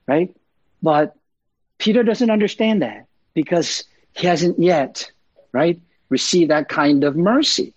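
A man's voice: fairly high pitch, slow pace, husky, no echo. A man preaching a sermon in a conversational, emphatic way, full of fillers and asides. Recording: dull lo-fi sound.

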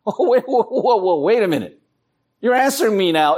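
With a high, unhurried voice, long pauses, and a breathy edge, a male pastor preaches through animated stories in which he acts out the voices.

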